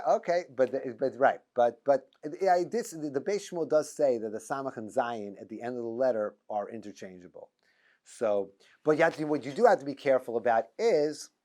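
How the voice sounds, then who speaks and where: A man's voice: medium pitch, darkish tone. A middle-aged man, a rabbi teaching a class, talking in a loose, joking way, full of restarts and stammers. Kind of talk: informal lecture. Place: classroom with students.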